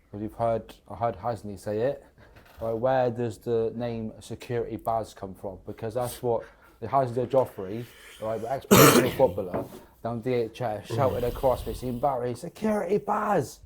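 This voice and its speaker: A man's voice: mid-range voice, steady tone, moderate pace, hardly any pauses. A man co-hosting a casual podcast chat, asking questions and adding details. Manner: asks questions, chips in with football details. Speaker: podcast co-host.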